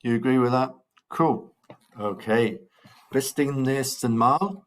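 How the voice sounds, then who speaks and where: A man teaching a recorded German lesson, drilling numbers slowly and patiently with cheerful encouragement to his pupils. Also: medium pitch. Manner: slow, patient drilling with repeated counting. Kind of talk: recorded language lesson for children.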